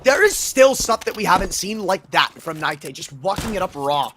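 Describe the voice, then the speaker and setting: A man calling play-by-play as an esports caster, excitable and full of jokey banter. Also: sits high, normal speed. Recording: audible background noise.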